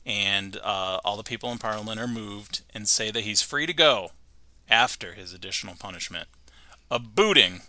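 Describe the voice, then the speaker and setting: A man hosting a podcast, recapping a cartoon episode with animated storytelling and frequent laughter. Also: fairly low pitch, moderate pace. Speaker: podcast host.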